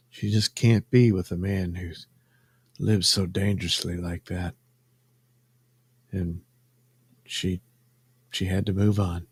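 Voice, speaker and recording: A man with a low, gravelly, fry-laden voice rambles sardonically as he colors drawings on his show. He speaks slowly and unhurriedly, trailing off into fillers. The sound is close and dry, with no room around it. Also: no room sound. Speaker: host. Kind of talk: casual commentary while coloring drawings.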